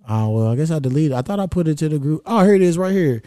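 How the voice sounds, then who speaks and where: A man's voice: fairly high pitch, quick pace, few pauses, warm tone, dry recording. A man hosting a podcast, talking casually and venting in a blunt, profane, frustrated way into a stand microphone. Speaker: podcast host.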